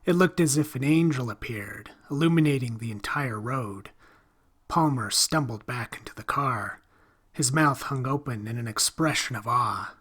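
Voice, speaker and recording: A man reading a horror story aloud in a slow, hushed, drawn-out way. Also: mid-range voice, husky. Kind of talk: scripted horror narration.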